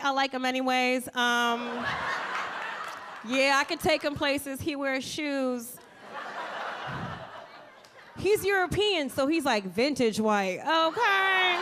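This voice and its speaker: A woman's voice: sits high, slow pace, pauses often. A woman doing a stand-up comedy set in a comedy club, with a brash, profane and sassy delivery into a handheld stage mic. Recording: live club audio with crowd noise.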